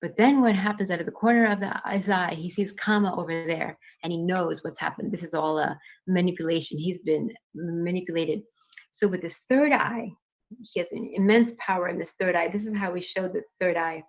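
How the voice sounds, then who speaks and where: A woman with a fairly low voice tells myths to a class, chatty and informal, often stopping to restart a phrase. The sound is dull and lo-fi. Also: steady tone, brisk. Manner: conversational with many fillers and restarts. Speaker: dance teacher. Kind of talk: storytelling in a class.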